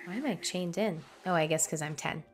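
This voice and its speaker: A woman's voice: lowish voice, a little fast, over music. A young woman streamer reacting playfully while playing a story game, slipping into silly voices. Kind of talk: let's play commentary.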